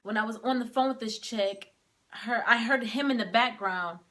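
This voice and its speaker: A woman's voice: a little high, moderate pace, sharp tone. A young woman casually telling a personal story to camera, filling her talk with "like" as she relives it. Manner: casual, heavy use of "like", emotional retelling.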